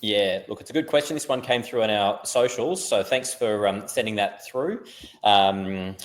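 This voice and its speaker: A man's voice: lowish voice, moderate pace. A man from Queensland hosting a casual referee Q&A over a video call, with many fillers. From Queensland, Australia. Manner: friendly, filler-heavy wrap-up. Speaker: host of a referee coaching session.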